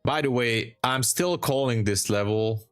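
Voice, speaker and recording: A man's voice: medium pitch, measured pace, clean tone, faint music behind. A man hosting a live trading stream, chatting casually with viewers, laughing often and giving encouraging advice. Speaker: trading livestream host.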